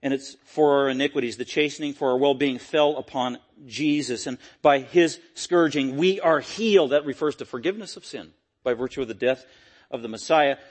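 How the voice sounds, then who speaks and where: A man preaching an expository sermon, emphatic and repetitive, swinging from loud peaks to quiet low lines. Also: a little fast. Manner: repetitive, stressing key phrases.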